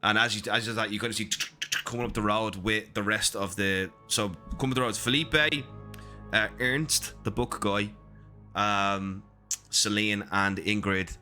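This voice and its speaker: Game master, man, casual halting narration, bright voice, low pitch. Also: steady tone, soft background music. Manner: casual, halting, filler-heavy.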